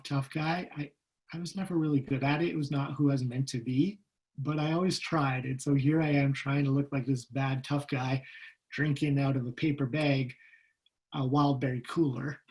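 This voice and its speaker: A middle-aged man giving a personal storytelling talk over a video call, animated and acting out the voices of people in his story. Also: mid-range voice. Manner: animated, acts out quoted voices. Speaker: guest speaker.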